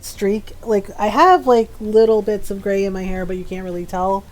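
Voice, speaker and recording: A woman's voice: mid-range voice, steady tone, moderate pace, a little mellow. Chatty woman in her forties, laughing often. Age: 40s. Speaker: streamer. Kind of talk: casual chat while gaming.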